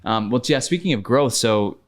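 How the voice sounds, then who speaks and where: A man hosting a podcast interview, quick and agreeable, asking questions in a casual way. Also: mid-range voice, lively intonation. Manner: quick, agreeable, frequent backchannels. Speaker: podcast host.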